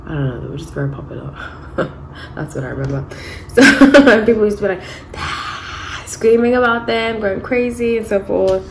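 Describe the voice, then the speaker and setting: A woman's voice: mid-range voice, expressive, a little fast, vocal fry, slight background noise, rough recording. A woman in her thirties giving a casual, rambling tarot reading and correcting herself as she goes. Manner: chatty, rambling, frequent self-corrections. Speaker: tarot reader.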